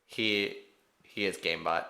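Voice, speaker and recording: A man's voice: deep voice, fairly even intonation, a little slow, pushed and bright. A man co-hosting a podcast in casual chat, wry and self-deprecating as he recaps events. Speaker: podcast co-host.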